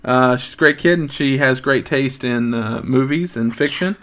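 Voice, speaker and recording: In his late thirties, a man hosts a laid-back podcast chat, joking around and rambling with lots of ums. His voice is medium-pitched, a bit bright, and moves at a moderate pace.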